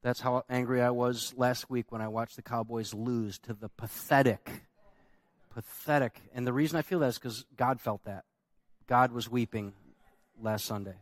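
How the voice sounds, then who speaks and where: A man's voice: mid-range voice, fairly even intonation, moderate pace, no room sound. A man preaching a sermon as pastor, emphatic and conversational, asking the congregation rhetorical questions.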